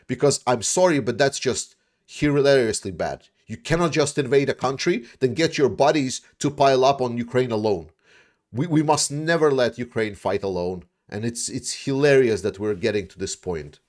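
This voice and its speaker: This man's mid-range, darkish voice is animated and moderately paced as he does casual YouTube war commentary and takes viewer questions. Bluntness, repeated restarts, lots of fillers, and occasional swearing mark his speech.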